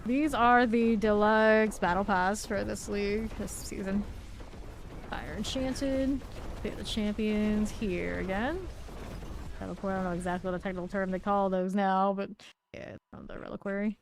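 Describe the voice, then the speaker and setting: A woman's voice: medium pitch, steady tone, moderate pace, slight background noise. A woman streaming a game live, chatting casually and narrating her moves with small laughs. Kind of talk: casual live gameplay commentary.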